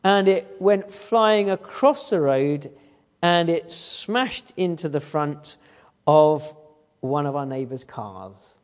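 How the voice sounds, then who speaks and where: A man's voice: fairly high pitch, expressive, slow. Preaching man in a reverberant church. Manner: storytelling preacher who asks the congregation rhetorical questions. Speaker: guest preacher. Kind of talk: sermon. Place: church hall. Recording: church service recording with long hall reverb.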